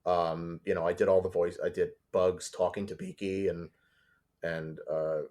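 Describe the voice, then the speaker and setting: Deep-voiced man telling animated stories. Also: measured pace. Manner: animated storyteller, acts out voices. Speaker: storyboard artist guest. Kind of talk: casual interview.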